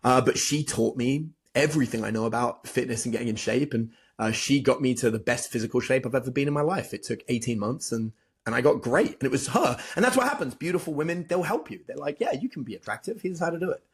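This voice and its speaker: A man, a dating coach, telling animated stories as a podcast guest, acting out both sides of past conversations. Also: mid-range voice, quick pace. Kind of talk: storytelling in a podcast interview.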